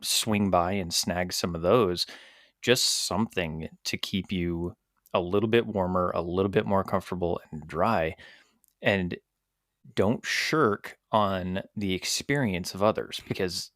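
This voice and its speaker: Low-voiced man giving earnest advice. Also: a little slow, fairly bright tone, dry recording, clean studio sound. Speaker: podcast co-host. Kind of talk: casual chat.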